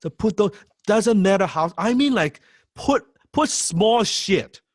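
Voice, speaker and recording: A man's voice: high voice, animated, slow, no room sound, clean studio sound. A man coaching sales students in an emphatic, repetitive way, swearing freely. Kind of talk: lecture to students.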